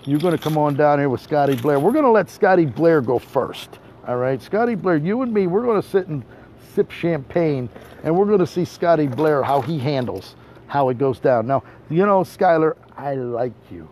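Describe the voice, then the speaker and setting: Brash high-voiced tour guide on a boat. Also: male voice, expressive, normal speed, darkish tone. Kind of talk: boisterous teasing monologue. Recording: dull boat recording with motor noise.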